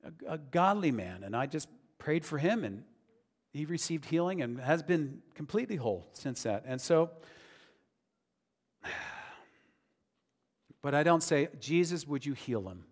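A man's voice: on the high side, animated, unhurried, long pauses. A man preaching a sermon in an earnest, conversational way that builds to emphatic declarations. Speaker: pastor. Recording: long reverb of a large hall.

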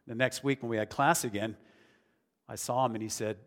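A man's voice: mid-range voice, steady tone, normal speed, a bit bright. A man preaching a sermon in an earnest, conversational way that builds to emphatic declarations. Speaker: pastor. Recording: long reverb of a large hall.

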